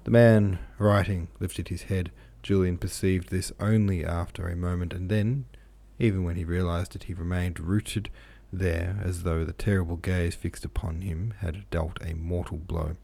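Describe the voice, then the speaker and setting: Audiobook narrator, male, low and gravelly, measured delivery. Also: steady tone, mellow. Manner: measured, occasionally self-correcting. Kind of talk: reading a classic novel aloud.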